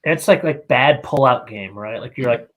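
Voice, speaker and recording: A man's voice: medium pitch, normal speed. A man co-hosting a podcast in casual chat, making crude, profane jokes and rambling with fillers. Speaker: podcast co-host.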